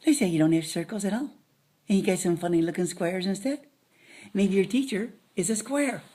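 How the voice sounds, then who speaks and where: A woman's voice: medium pitch, fairly quick, dark tone. A woman giving a playful math lesson to children, dropping silly jokes as she counts. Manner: silly, joking asides.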